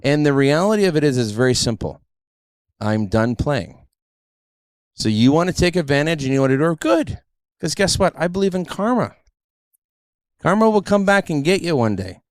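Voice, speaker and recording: In clean, echo-free studio audio, a middle-aged man hosts a podcast at a moderate pace with a fairly high voice. He's a lively storyteller, chatting casually and performing other people's quotes.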